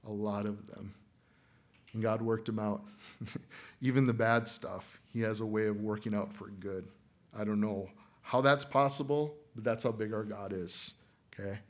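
A man pastor preaching a sermon in a conversational way, chuckling often and acting out quoted voices loudly. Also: on the low side, steady tone, a little slow.

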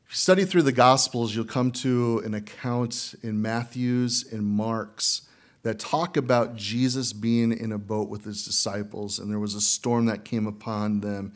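A man preaching as pastor, talking to the congregation in a casual, conversational way and asking them questions. He sometimes acts out panicked figures from the story in a strained high voice. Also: steady tone, a little slow. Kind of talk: sermon.

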